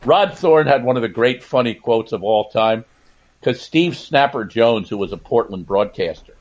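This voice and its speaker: An older man guesting on a podcast interview. He tells long anecdotes in a relaxed, conversational way, often laughing through the punchlines. His pitch sits at an average male level. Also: normal speed. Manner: anecdotal, laughs while telling stories. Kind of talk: casual interview storytelling.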